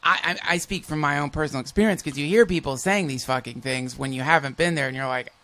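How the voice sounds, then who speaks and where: Brief: male podcast host, fairly high gravelly voice, loose profane storyteller. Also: fast talker, pushed and bright. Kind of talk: casual conversation.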